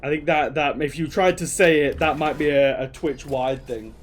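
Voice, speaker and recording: A man's voice: a little high, moderate pace. A young British man casually commenting while streaming a game, chatty and rambling as he answers chat. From Britain.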